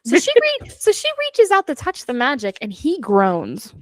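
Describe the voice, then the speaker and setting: A woman's voice: fairly high pitch, huge pitch swings, moderate pace, no echo. A young woman co-hosting a book club podcast, casually retelling a novel's plot and acting out the characters' lines, swearing freely. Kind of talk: casual chat recapping a novel.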